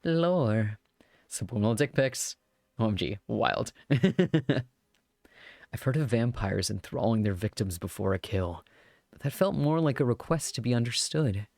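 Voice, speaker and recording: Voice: mid-range voice, animated, unhurried, creaky, a little mellow, dry recording, studio quality. A streamer reading a romance visual novel aloud live, with giggly, chatty joking asides.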